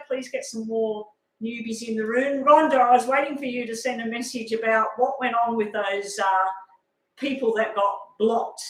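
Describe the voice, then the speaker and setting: A middle-aged woman, rambling casually on a live stream as a tarot reader and telling a long story with animated asides. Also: on the high side. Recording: echoey room.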